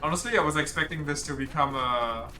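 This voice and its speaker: A man's voice: a little high, brisk, pushed and bright. A man streaming a video game, chatting casually and joking crudely as he plays, often laughing. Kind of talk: casual let's-play commentary. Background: faint game music.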